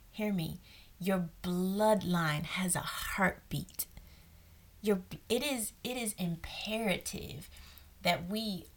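A young woman coach giving an earnest faith-based talk to women, repeating phrases and dropping into whispers for emphasis. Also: lowish voice.

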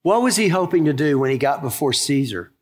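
A man preaching a sermon as a pastor, emphatic and storytelling, slowing to stress key words and speeding up through quick asides. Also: a little high, expressive, in a large hall.

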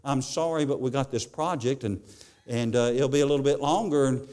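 A man's voice: medium pitch, fairly quick, darkish tone, natural voice. A male preacher voicing a busy father who stumbles as he explains himself to his son. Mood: defensive. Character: tired working father, defensive.

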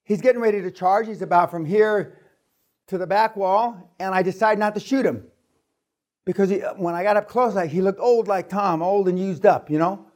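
A man with a fairly high voice tells a story to a seminar audience. He swears freely and keeps acting out the sounds of the action. His delivery is lively and unfiltered. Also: normal speed. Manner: profane, lively storyteller who acts out sounds. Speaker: seminar speaker. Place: seminar room.

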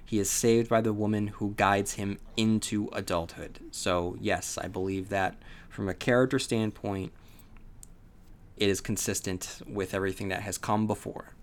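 A sleepy man hosting a podcast from home, talking casually about a book with lots of fillers and restarts. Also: lowish voice. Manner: rambling, many fillers and restarts. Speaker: podcast host. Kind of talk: casual solo book discussion. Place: home on a rainy day.

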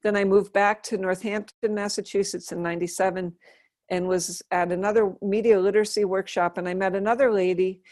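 A woman's voice: mid-range voice, fairly even intonation, brisk, a little mellow, dry recording, studio quality. A middle-aged woman telling her life story in an interview, earnest and thoughtful, often restarting her sentences. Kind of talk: reflective personal storytelling.

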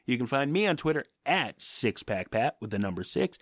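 With a medium-pitched, sing-song voice at a moderate pace, a male co-host rants brashly and profanely on a football podcast. It's a casual sports rant, recorded dry with clean studio sound.

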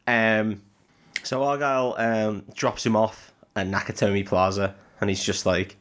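A man's voice: lowish voice, flat delivery, unhurried, fairly bright tone. A man co-hosting a podcast, casually retelling a film in a rambling, jokey, sweary way with lots of ums. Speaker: podcast co-host.

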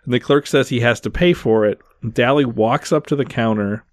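A man's voice: mid-range voice, a little fast, dry recording, clean studio sound. A man hosting a podcast, talking through a movie scene by scene in a casual way with lots of fillers. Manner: recaps scenes in detail, many fillers. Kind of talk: casual film discussion.

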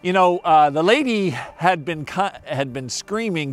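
Animated male pastor preaching a sermon. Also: fairly high pitch, slow, soft background music. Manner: storytelling, animated, emphatic.

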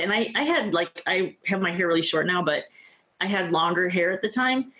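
A woman's voice: lowish voice, lively intonation, moderate pace, a bit bright. A woman in her fifties, a guest on an interview show, telling her own story in an earnest, heartfelt way with lots of "you know" and "like". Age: 50s. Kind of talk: candid personal storytelling.

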